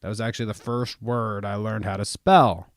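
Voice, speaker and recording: A man's voice: on the low side, fairly even intonation, normal speed, no echo, clean studio sound. A man with a Southern US accent hosting a morning show, swearing and joking as he reacts to a clip. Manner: joking, rambling, laughs often and swears freely. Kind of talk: profane reaction commentary on a clip.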